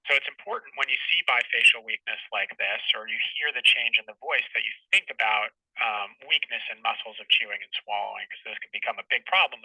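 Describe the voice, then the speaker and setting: A man's voice: medium pitch, bright, forceful tone, no room sound, recorded from a distance, lo-fi sound. A man who is a clinician, giving a medical webinar lecture in a patient, explanatory teaching tone.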